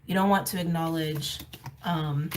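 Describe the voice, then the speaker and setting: A woman's voice: low voice, steady tone, a little slow, recorded from a distance, slight background noise, poor audio. A woman giving a casual tarot card reading, candid and emphatic, often laughing and repeating phrases for emphasis. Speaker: tarot reader. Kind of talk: casual intuitive reading to camera.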